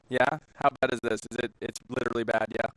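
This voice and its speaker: A man's voice: medium pitch, fairly even intonation, moderate pace, a bit bright, no echo, poor audio. A man casting a live game tournament, chatty and filling dead air while troubleshooting. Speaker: shoutcaster. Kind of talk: esports commentary.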